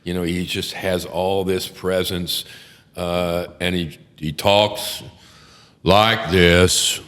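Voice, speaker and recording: Older man, seasoned trial attorney; deep, cursing, animated raconteur; reverberant room sound. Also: slow. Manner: profane, animated storyteller who acts out courtroom voices. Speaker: criminal defense attorney, podcast host. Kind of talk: casual storytelling chat.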